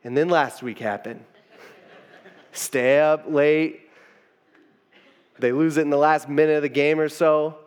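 A man's voice: fairly high pitch, fairly even intonation, a little fast, hardly any pauses, big-room sound. A man preaching a sermon in a loose, conversational way, full of informal asides and restarts. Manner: informal, rambling with frequent "you know" asides. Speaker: pastor.

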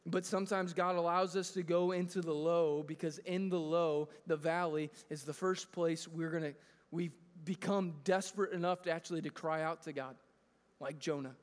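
Male pastor, thirties, high voice, earnest conversational sermon, big reverberant sanctuary. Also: steady tone, normal speed. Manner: earnest, conversational preaching with frequent restarts. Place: church sanctuary. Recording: long reverb of a large hall.

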